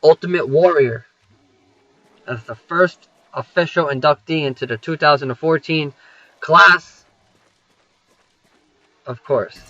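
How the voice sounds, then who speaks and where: A man's voice: fairly high pitch, slow, long pauses, bright, forceful tone, no echo, highs cut off. A young man rambling through a wrestling recap over gameplay, swearing freely and filling gaps with "you know" and "um".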